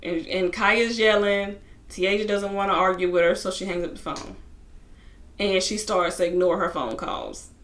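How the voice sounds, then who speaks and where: A woman's voice: mid-range voice, moderate pace, a bit bright. A woman casually recapping a reality TV episode, chatty, with lots of asides. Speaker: TV reality show reviewer.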